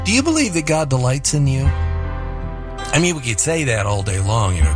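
A man's voice: medium pitch, very animated, normal speed. A male host reflecting in a preaching manner and quoting scripture. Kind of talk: devotional radio talk. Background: music.

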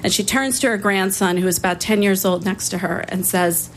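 A woman public defender telling a personal story in a conversational way, with small restarts and pauses. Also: mid-range voice, slight background noise.

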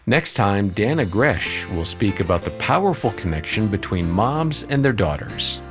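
A man co-hosting a radio show, reading the closing announcements with a smooth announcer delivery. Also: lowish voice, very animated, normal speed, over music.

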